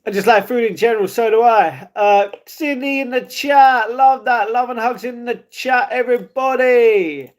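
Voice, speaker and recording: A man chatting casually on a live stream, reading chat messages, laughing often and trailing off quietly. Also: extremely high pitch, moderate pace, few pauses.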